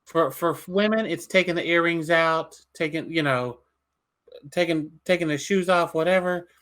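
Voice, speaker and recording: Bright, animated man talking wrestling. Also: on the high side, moderate pace. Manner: animated and opinionated, swears freely. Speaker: podcast co-host. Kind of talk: casual wrestling recap chat.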